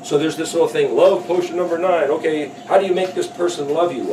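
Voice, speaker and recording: A man giving a sermon, telling a story lively and acting out the voices of the people in it. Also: a little high, a little fast, hardly any pauses, noisy background. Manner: animated storytelling, voices the characters with rising emphasis. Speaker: preacher. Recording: echoey hall, speaker far from mic.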